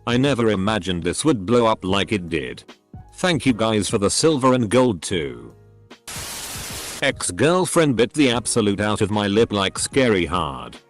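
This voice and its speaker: A man's voice: fairly low pitch, big pitch swings, measured pace, faint music behind. A man narrating anonymous online stories in a scripted reading, spelling out abbreviations letter by letter.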